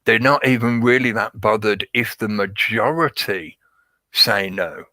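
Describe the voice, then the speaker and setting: A man talks at length in a casual, repetitive monologue and leans hard on his points. His voice sits a little low, with a bright, forceful edge. The recording is close and dry, with no room sound. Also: measured pace, no echo, rough recording. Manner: rambling, repetitive, emphatic. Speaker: podcast host.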